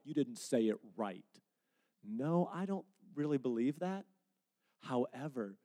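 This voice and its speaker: A male pastor answers a congregation member's question during a sermon Q&A, staying mellow, relaxed, conversational and earnest. His voice is medium-pitched, and now and then he acts out brief quotes in a livelier tone.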